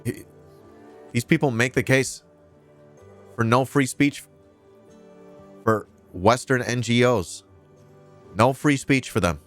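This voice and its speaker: A man's voice: medium pitch, slow, long pauses, fairly bright tone, faint music behind. A man commenting sarcastically and indignantly on a news clip during a casual live stream, throwing in crude asides.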